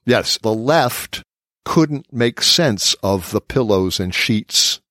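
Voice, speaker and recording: A man's voice: fairly low pitch, animated, takes it slowly, a bit bright, no echo, studio quality. A man hosting a political discussion podcast, reading quotes from his notes and laughing often. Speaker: podcast host.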